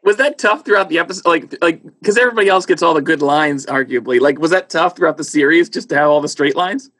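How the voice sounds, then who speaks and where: Husky guy interviewing, kinda high voice, lots of "like", curious. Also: quick pace, fairly bright tone. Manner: curious, chatty, many likes. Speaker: interviewer host. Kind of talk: casual interview questions.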